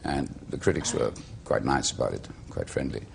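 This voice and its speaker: A middle-aged Welsh man and actor, telling stories in a slow, measured, eloquent way as a talk show guest. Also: rumbling low, animated, creaky, background noise. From Wales.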